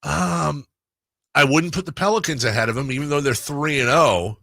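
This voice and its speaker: A man's voice: a little high, normal speed, gravelly, sharp tone, no echo, studio quality. A man hosting sports talk radio, blunt and opinionated as he argues through team records. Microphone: studio broadcast mic.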